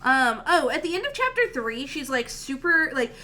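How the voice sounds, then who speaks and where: Sarcastic woman co-host, high and bright, reads passages aloud. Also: very animated, moderate pace. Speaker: podcast co-host. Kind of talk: casual book club chat.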